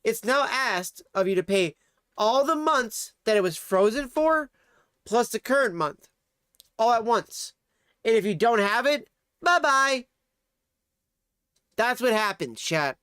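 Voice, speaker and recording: This is a man streaming live from his home, reacting to a clip in loose, profane chat. His voice is smooth and clean, and it sits close and dry with no room sound around it. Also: high voice, expressive, a little slow, fairly bright tone, dry recording. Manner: crude, ranting, swears often. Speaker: livestreamer reacting to a video. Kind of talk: casual livestream chat.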